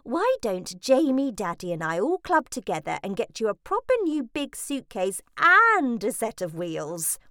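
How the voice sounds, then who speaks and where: A woman's voice: a little high, big pitch swings, a little slow, hardly any pauses, sharp tone, no room sound, studio quality, full character voice. A woman doing a gushing, pushy mum. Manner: breezy, pushy, chattering on. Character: fussy, gushing middle-aged mother. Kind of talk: audiobook reading.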